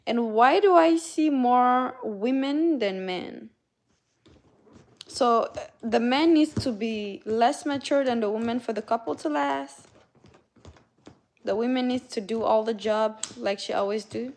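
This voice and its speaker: Slightly high and a little mellow, this woman's voice keeps a measured pace. She's a Canadian livestream host chatting casually with her audience, calling out viewers by name and reading what they write.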